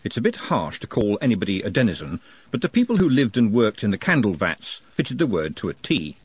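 A man narrating an audiobook in an expressive, wry manner, recorded close to the mic. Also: fairly low pitch, fairly quick, slightly rough. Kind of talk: scripted narration.

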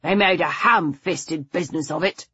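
A woman's voice: low-pitched, normal speed, pushed and bright, husky, dry recording, muffled recording, exaggerated voice. A woman reading the part of an irritable older English aristocrat man who talks bluntly and grumbles. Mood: bitter.

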